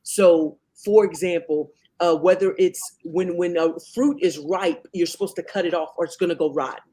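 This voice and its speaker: A man with a fairly high voice co-hosting a faith talk show. He works through Bible lessons point by point, stumbling and restarting as he goes. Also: fairly even intonation, normal speed, mellow. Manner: counts off points, many restarts and fillers. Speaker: co-host.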